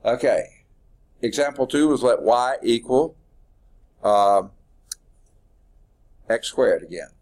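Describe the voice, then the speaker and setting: A man's voice: mid-range voice, lively intonation, slow pace, pauses often, a little mellow. A middle-aged man, teaching a math class in an informal, folksy way and thinking aloud as he corrects himself. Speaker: math instructor. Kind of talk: classroom lecture.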